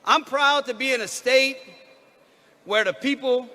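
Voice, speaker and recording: A man giving a loud, rousing political speech at a rally, pausing between phrases. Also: very high-pitched, long reverb tail.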